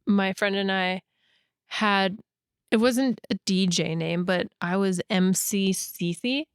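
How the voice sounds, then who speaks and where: A woman co-hosting a podcast in casual chat, halting with lots of fillers and frequent giggles. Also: mid-range voice, smooth, dry recording, clean studio sound. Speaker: podcast co-host.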